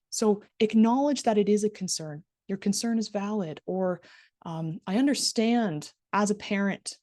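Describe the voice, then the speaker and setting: A middle-aged woman teaching a live online class, modelling soft empathetic phrases and stressing key words as she speaks to her students. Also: mid-range voice, dry recording, studio quality.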